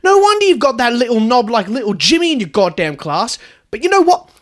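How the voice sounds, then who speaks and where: A man's voice: very high voice, big pitch swings, fairly quick. A man voicing a blind, foul-mouthed female bus tour guide in a comedic storytelling podcast. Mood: furious, insulting. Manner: swings from chirpy guide patter to furious swearing.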